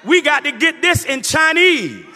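A man, a minister giving a testimony sermon, who rises from storytelling into shouted preaching with quick asides to the audience. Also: very high voice, sing-song. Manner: preaching, rising to shouts, call-and-response asides. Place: large hall before an audience. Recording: live hall with reverb, crowd behind.

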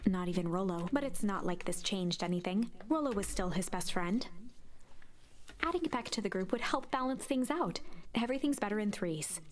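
A woman narrating a storybook video game in a calm, even tone. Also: medium pitch, moderate pace, close to an everyday voice.

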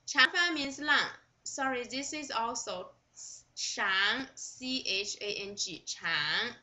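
A woman's voice: sits high, animated, unhurried, pushed and bright. A woman with a Chinese accent teaching Mandarin, repeating each phrase and glossing it word by word in English. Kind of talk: slow vocabulary lesson.

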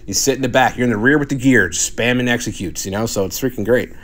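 A man's voice: medium pitch, quick pace, fairly bright tone. A young man giving boastful, trash-talking commentary over his own gameplay footage. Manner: cocky trash talk, swaggering. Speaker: gaming video commentator.

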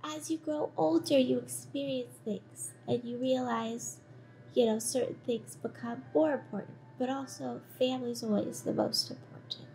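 High-voiced woman playing a tabletop game. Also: fairly even intonation, moderate pace, dark tone, slight background noise. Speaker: player. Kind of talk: in-character tabletop play.

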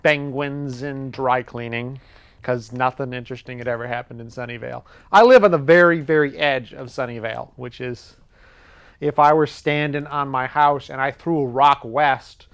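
A man's voice: medium pitch, steady tone, fairly bright tone, clear, resonant tone. Rambling man, comic monologue. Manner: rambling, self-mocking, acts out dialogue in quick voices. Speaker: host of a public access talk show. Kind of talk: casual comedic monologue. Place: TV studio.

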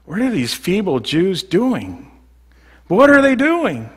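A man's voice: high-pitched, huge pitch swings, takes it slowly, fairly bright tone, slightly rough, voice pushed up, exaggerated voice. A preacher putting on the voice of a scornful man mocking builders, firing off incredulous questions. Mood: jeering. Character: scornful jeering ancient enemy leader, man. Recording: long church reverb.

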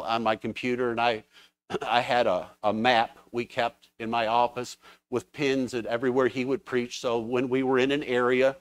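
Male preacher, mid-pitched, lively testimony delivery, dry mic. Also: no room sound. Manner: fervent, animated storytelling with exclamations. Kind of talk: sermon. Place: church.

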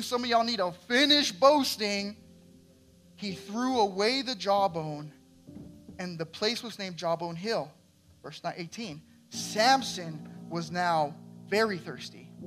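A man's voice: high voice, expressive, a little slow, bright, forceful tone, soft background music. A man preaching a sermon as a pastor, emphatic and firing questions at his congregation.

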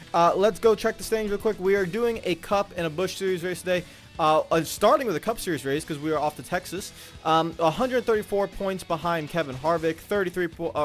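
A man hosting his gaming channel, commentating a racing game with playful, mock-villainous trash talk. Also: on the high side. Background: game music.

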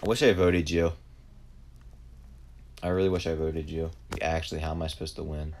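Deep-voiced young man cursing through gameplay. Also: flat delivery, normal speed, slight background noise. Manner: swears a lot, flares into shouted frustration. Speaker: gaming video host. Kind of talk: casual gameplay commentary.

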